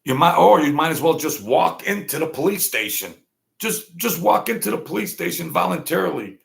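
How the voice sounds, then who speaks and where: A man's voice: on the high side, big pitch swings, normal speed, vocal fry. A man talking in a blunt, rambling monologue full of street slang. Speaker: vlog host. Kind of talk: casual monologue.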